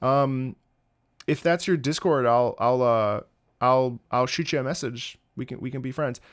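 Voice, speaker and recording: A man's voice: medium pitch, a little slow. A man casually chatting with his viewers on a live stream, rambling and joking with chat.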